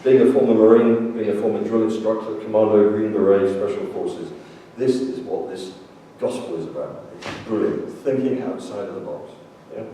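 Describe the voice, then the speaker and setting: A jovial priest delivers a sermon full of jokes and storytelling, his somewhat low voice carrying through a very echoey church. He sits back from the microphone, and noticeable background noise hangs under his words. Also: moderate pace, dark tone, distant mic. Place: church sanctuary.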